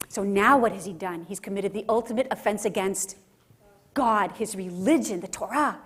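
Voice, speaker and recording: A woman's voice: mid-range voice, moderate pace, breathy edge. A woman speaker giving an emphatic religious teaching talk at a conference, often checking in with the audience. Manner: emphatic, often tags lines with "right?". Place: conference center.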